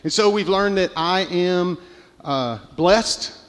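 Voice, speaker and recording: A man in his thirties preaches from the pulpit, his voice sitting a little high. He tells a story in halting bursts, with many restarts and fillers. A long hall reverb trails his words. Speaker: pastor. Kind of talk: sermon.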